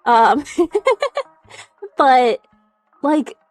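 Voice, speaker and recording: High-voiced, animated young woman streaming. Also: drawn-out words, soft background music. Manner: animated, swears a lot, laughs often, reacts to chat. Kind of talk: casual livestream chat. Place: home room.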